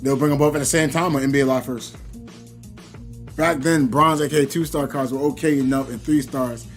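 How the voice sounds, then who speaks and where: A man's voice: medium pitch, normal speed, faint music behind. A man streaming a game live and chatting casually with viewers. He rambles through stories with lots of fillers and restarts. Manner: animated, rambling storytelling with many fillers. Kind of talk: casual live-stream chat while gaming.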